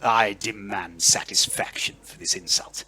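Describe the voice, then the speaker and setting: A man voicing a haughty aristocratic lord who shouts in pompous outrage. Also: fairly low pitch, steady tone, unhurried. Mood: outraged.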